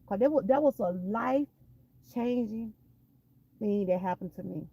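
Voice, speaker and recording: Sharing her faith testimony, a woman with a Georgia Southern accent speaks emphatically, repeating phrases to give them weight. Her medium-pitched voice is creaky and slightly rough at a measured pace, captured dry with a lo-fi sound.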